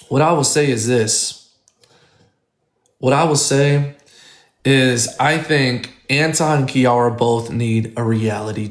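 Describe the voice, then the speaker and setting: A man on a live stream, ranting to his chat in a heated, profane way and repeating his points. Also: medium pitch. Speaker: livestreamer addressing chat. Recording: echoey room.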